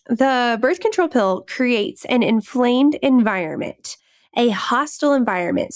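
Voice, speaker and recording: A woman's voice: on the high side, animated, measured pace, no echo, studio quality. A woman hosting a faith-based fertility podcast, talking with passion and frequent laughter. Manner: passionate, fervent, laughs often. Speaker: podcast host.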